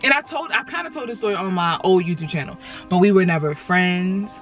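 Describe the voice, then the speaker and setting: A woman's voice: fairly low pitch, animated, brisk, soft background music. A young woman telling a casual storytime from inside her car, dramatic and sassy, talking straight to her viewers.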